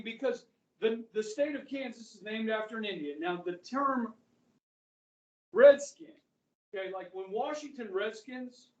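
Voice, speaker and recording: A middle-aged man teaching a high school history class, chatty, quizzing students and saying "okay" often. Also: lo-fi sound. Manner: conversational, asks the class questions, frequent "okay". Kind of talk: classroom lecture. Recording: echoey room, voice from far off.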